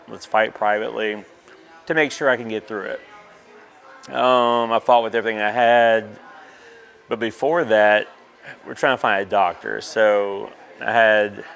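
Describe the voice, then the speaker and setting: A man's voice: lowish voice, creaky, fairly bright tone. A man, candidly telling a personal story in an interview, with many fillers. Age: 30s.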